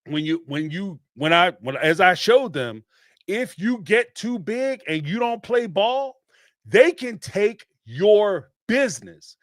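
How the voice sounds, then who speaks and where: A man, hosting a podcast and ranting in an animated, emphatic way, with some swearing and repeated phrases. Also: sits high, slow pace, no echo, clean studio sound. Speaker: podcast host. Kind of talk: casual commentary rant.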